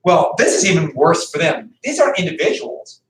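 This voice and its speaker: Male teacher, lecture, animated, asks the class questions, higher voice, recorded from across an echoey room. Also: a little fast, slight background noise. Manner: animated storytelling, acting out quotes, quizzing students. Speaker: history teacher. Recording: echoey classroom, far from the mic.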